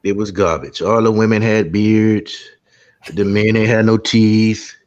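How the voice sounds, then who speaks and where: A man's voice: fairly low pitch, steady tone, measured pace, darkish tone. Brash, profane male stream host. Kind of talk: livestream chat with viewer shout-outs. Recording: dull lo-fi sound.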